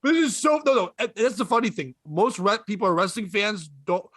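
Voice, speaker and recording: Man, high voice, dry close sound, excitable comic podcast guest. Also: a little fast, no echo. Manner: excitable, laughs often. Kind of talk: casual comedic banter.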